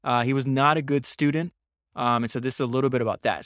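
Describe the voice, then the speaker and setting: A man's voice: medium pitch, quick pace, fairly bright tone, dry recording, studio quality. A man hosting a solo book podcast, speaking with enthusiasm and frequent restarts. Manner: enthusiastic, with many restarts and fillers. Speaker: podcast host.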